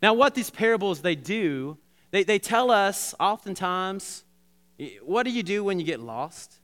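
Guy pastor preaching, bright clear voice, kinda high, gets loud and excited. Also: measured pace. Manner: animated, repetitive restarts, addresses congregation directly. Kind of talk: sermon.

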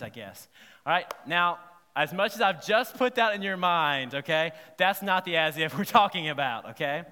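A man delivers a sermon with a bright, slightly high voice. He is lively and chatty, often asking his listeners whether they follow him. His voice rings with the long reverb of a large hall. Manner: lively, conversational, checks in with the congregation. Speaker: pastor. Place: church sanctuary.

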